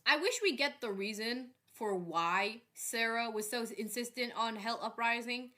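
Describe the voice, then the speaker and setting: A woman's voice: on the high side, measured pace, pushed and bright. A woman hosting a reaction video, chatting casually with joking asides.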